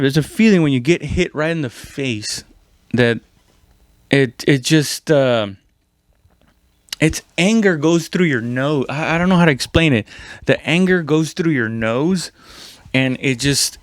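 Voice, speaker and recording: A man's voice: medium pitch, clear, resonant tone, no room sound, studio quality. A young man telling a comedy story from his army days, casually and profanely, with many restarts, fillers and sound effects.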